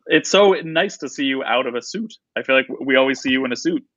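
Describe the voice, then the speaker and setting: A man hosting a live video interview, upbeat and quick to laugh. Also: medium pitch, lively intonation, fairly bright tone, no echo. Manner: upbeat, giggly. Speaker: interview host. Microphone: video call. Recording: dull lo-fi video call audio.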